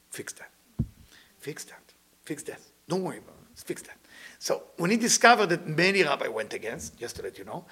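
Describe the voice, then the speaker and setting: Gravelly, animated male spiritual teacher. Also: medium pitch. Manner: non-native English grammar, animated, swings between loud and hushed. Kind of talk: spiritual lecture.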